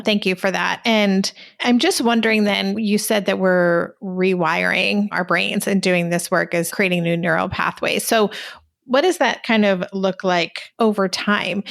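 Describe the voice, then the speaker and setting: Gravelly-voiced woman podcast host. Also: medium pitch. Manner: thoughtful, asks long layered questions. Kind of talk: podcast interview, asking questions.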